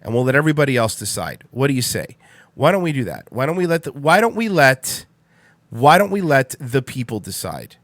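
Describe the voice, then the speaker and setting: A man's voice: mid-range voice, very animated, brisk, a bit bright, no room sound, clean studio sound. A man in his thirties hosting a livestream radio show, rambling in casual chat, repeating himself and swearing bluntly. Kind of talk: casual solo stream chat.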